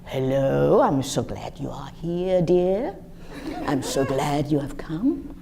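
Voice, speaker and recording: A woman voicing a gentle male lama teacher who warmly greets visitors. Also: low voice, very animated, slow pace, vocal fry, crowd noise, heavily acted. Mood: tender.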